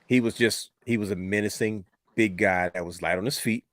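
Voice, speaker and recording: This podcast co-host has a lowish but fairly bright voice and speaks at a normal pace, recorded dry. Chatting loosely about wrestling, he wanders off track, repeats himself and drops "you know what I mean" often.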